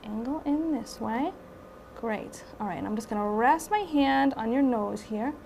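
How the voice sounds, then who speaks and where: A woman clinician giving a patient gentle, reassuring step-by-step instructions during an exam. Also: on the high side, a little slow, creaky, a little hiss or hum. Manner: gentle, reassuring, brief prompts. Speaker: clinician performing endoscopy.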